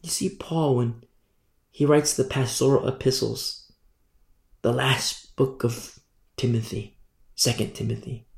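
A man's voice: medium pitch, fairly even intonation, measured pace, vocal fry, pauses often, a little mellow, roomy sound. A male pastor preaching a sermon in an emphatic, repetitive way, often asking "you see?".

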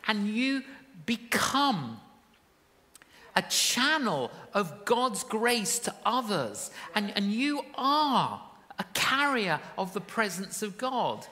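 A woman's voice: mid-range voice, sharp tone. A woman preaching a sermon in a church hall, telling stories and building to emphatic calls. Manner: storytelling, rising to emphatic calls. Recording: long reverb of a large hall.

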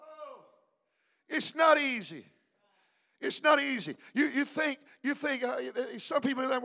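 Pastor guy preaching in church, really high bright voice, shouts and sings his lines, calls for the crowd to answer back. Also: moderate pace, gravelly. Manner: preaching with rising shouts and sing-song cadence; calls for congregation responses. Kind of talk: sermon.

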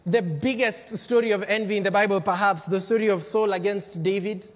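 Male pastor, high voice, preaching hard with dynamic swings; muffled recording, long church echo. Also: fairly even intonation, fairly quick. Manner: emphatic preaching, swinging from loud to hushed. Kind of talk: sermon. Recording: dull lo-fi sermon recording with long hall reverb.

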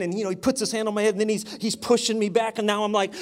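A man preaching a sermon, telling a personal story with animated delivery and acted-out voices. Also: sits high, fast talker, few pauses. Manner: animated, acts out voices in his stories. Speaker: pastor.

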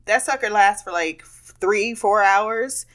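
A woman's voice: mid-range voice, slow pace, fairly bright tone. A woman hosting a podcast, telling a rambling, candid story in a casual monologue with frequent laughter and swearing. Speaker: podcast host.

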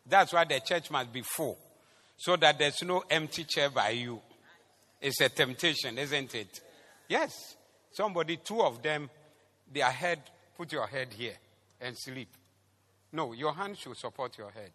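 A man with a Ghanaian accent preaching a sermon in church, moving between quiet asides and loud shouted exhortation. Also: medium pitch, animated, a little slow, big-room sound. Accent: Ghanaian English. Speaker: pastor. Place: church hall.

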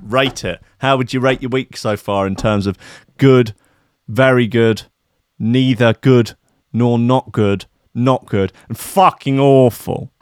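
A man's voice: mid-range voice, smooth, no room sound. A man hosting a show, chatting in a rambling, profane, joking way. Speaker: show host. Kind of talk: casual chat.

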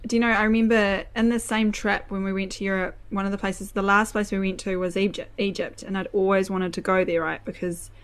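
A woman's voice: medium pitch, flat delivery, brisk, few pauses, smooth. Chatty New Zealand woman, laughing often. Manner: chatty, laughs often, many fillers and restarts. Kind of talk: casual chat.

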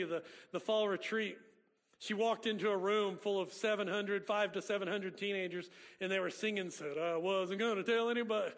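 Preaching a sermon full of folksy storytelling, this pastor has a high, slightly bright voice with some vocal fry. He is in a church sanctuary, and the recording carries the long reverb of the church hall.

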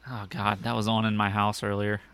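A man's voice: lowish voice, monotone, brisk, a bit bright, clear, resonant tone, no room sound. A man joining a casual movie watch-along, making wry remarks with swearing.

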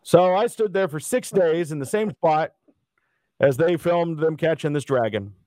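A middle-aged man from Dallas telling stories in a casual interview, lively and acting out the people he quotes. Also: on the high side, measured pace, no room sound, clean studio sound. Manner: animated anecdote teller, acts out quoted people. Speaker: interview guest.

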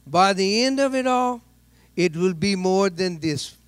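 A man voicing a stern, middle-aged male police officer who speaks slow, measured, broken English. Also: high voice, lively intonation, clean tone, no echo. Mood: firm.

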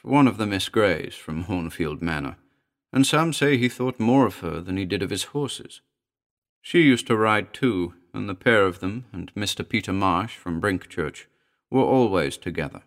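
A man's voice: fairly low pitch, a bit bright. A man voicing a nervous middle-aged housekeeper who speaks jerkily and reluctantly in a ghost story reading. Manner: jerky, uneasy, pleading.

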